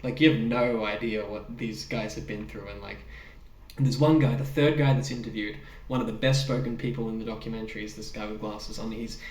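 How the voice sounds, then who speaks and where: A man co-hosting a podcast in a casual film discussion, talking in an animated way with laughs and the odd swear word. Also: lowish voice, fairly quick, far from the mic. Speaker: podcast co-host. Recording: roomy sound, speaker off the mic.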